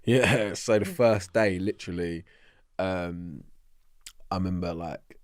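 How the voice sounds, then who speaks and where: A young man with a London accent, his voice sitting fairly low. He tells his story with animated energy, swearing freely and putting on the voices of others. The recording is dry and close. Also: takes it slowly, no room sound. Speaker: interview guest. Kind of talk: casual storytelling.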